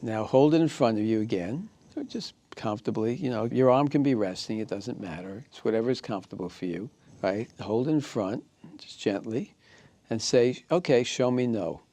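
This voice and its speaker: A man teaching a recorded class, walking listeners through steps calmly and checking in with "okay?" and "right?". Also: on the low side, normal speed, dry recording. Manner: calm step-by-step guidance, often checking in with "okay?" and "right?". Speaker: instructor.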